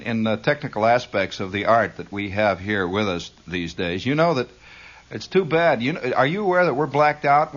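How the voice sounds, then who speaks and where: A man's voice: mid-range voice, fairly bright tone. A male radio host delivering an improvised monologue in a wry, needling way, now and then slipping into mock voices. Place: radio studio. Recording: dull lo-fi 1960s radio recording.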